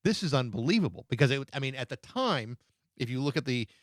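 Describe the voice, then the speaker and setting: A man's voice: medium pitch, brisk, fairly bright tone, no room sound, studio quality. Middle-aged man reminiscing as host. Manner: reflective, enthusiastic reminiscing, restarts. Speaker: podcast host, former radio DJ. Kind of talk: conversational interview.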